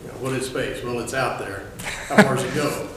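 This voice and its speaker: A man's voice: mid-range voice, fairly quick. A man in a study group, hesitant and searching for his words in casual discussion. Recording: roomy, from far off with faint noise.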